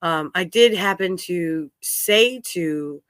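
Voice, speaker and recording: A woman's voice: fairly low pitch, expressive, slow, a bit bright, dry recording, studio quality. A woman in her thirties hosting a candid podcast chat, talking openly and at length with many fillers. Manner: rambling, open, with frequent fillers. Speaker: podcast host. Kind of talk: candid conversational talk.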